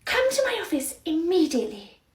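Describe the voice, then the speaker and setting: Woman doing a nursery manager, officious, scolding, clipped, very high pitch. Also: huge pitch swings, far from the mic, exaggerated voice. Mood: stern. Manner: clipped, scolding, slow and deliberate. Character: stern female nursery manager, cold and officious. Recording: roomy echo, faint noise.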